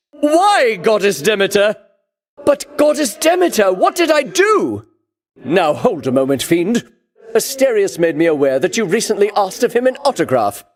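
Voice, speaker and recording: An actor playing a boastful, pompous male champion warrior in a video game, speaking in grand, theatrical, old-fashioned phrasing. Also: high-pitched. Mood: indignant.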